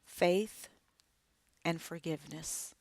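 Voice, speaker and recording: A middle-aged woman delivers an inspirational speech, her voice sitting a little low. She takes her time, leaning on each phrase with emphatic, measured pauses. The sound is close and dry, with no room around it. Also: vocal fry, darkish tone, no echo. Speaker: author and radio co-host.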